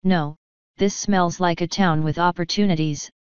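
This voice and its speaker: A woman voicing a sly, scheming male tomcat in an audiobook, wheedling and talking in quick asides. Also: on the low side, fairly even intonation, a little mellow, smooth, no room sound, dull audio, lightly acted. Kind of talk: audiobook character voice.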